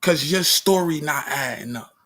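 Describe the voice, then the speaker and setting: A man's voice: fairly high pitch, expressive, moderate pace, pushed and bright. A man hosting a live reaction stream, talking emphatically and repeating himself to his viewers. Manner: emphatic, repeats himself, calls listeners "gang"; heated and accusing at times.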